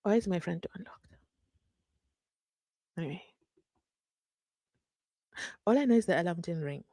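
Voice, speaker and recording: A woman's voice: fairly low pitch, animated, measured pace, dark tone, no echo. A woman hosting a casual livestream from home, chatting, laughing often and reading viewer comments aloud. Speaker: livestream host.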